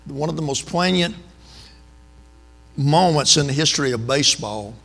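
Gravelly older preacher in a hall. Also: male voice, on the high side, lively intonation, moderate pace, a bit bright. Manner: folksy, drawling, storytelling with asides to the congregation. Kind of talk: sermon with folksy stories.

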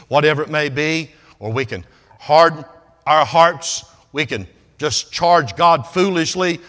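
A man preaching a sermon, swinging from hushed, quiet passages to loud, emphatic ones. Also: mid-range voice. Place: church service. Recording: long reverb of a large hall.

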